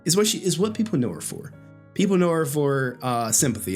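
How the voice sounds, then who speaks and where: A man riffs on camera from home, swearing freely and cutting straight to his point. His pitch swings up and down a lot as he rants. Casual, unfiltered streamer commentary. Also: very animated, fairly quick, faint music behind. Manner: blunt, profane ranting. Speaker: streamer reacting to a clip. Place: home, late at night.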